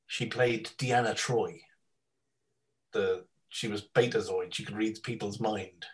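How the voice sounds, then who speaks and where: A man chatting casually as a podcast guest, telling rambling stories with lots of ums and quick impressions. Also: fairly low pitch, steady tone, low-quality recording.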